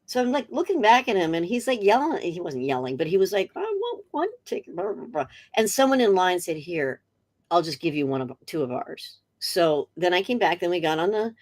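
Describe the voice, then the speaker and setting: A middle-aged woman, a guest in a casual interview, telling a story chattily with animated quotes. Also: on the low side, brisk. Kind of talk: casual video-call interview.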